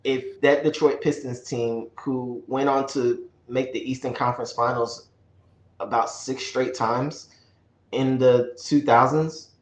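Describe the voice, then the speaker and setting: A man co-hosting a casual sports podcast, talking in a measured, explaining way. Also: medium pitch, fairly even intonation. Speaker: podcast co-host. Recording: echoey room.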